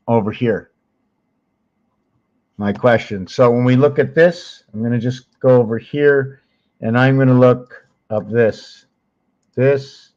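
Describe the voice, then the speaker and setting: A slow, rambling man with a mid-range voice thinks aloud in a lo-fi recording. He's a channel host teaching on screen, searching aloud through a walkthrough with many pauses and self-corrections.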